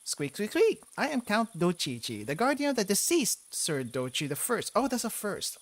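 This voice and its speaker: A man voicing a remorseful male mouse count, reading game dialogue in a stiff, formal way, breaking into little squeaks. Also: wildly swooping pitch, normal speed, heavily acted. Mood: solemn. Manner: stiff old-fashioned formal speech punctuated by squeaks.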